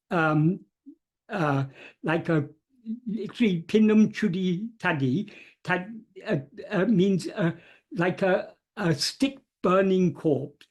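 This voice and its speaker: A man talks through a spiritual text on a video call, his voice slightly raised in pitch and husky. He explains with care, hesitating, restarting and filling pauses with "um" and "uh". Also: a little mellow. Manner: careful, hesitant explaining with many fillers and restarts. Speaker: teacher of spiritual texts. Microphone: computer mic on a video call.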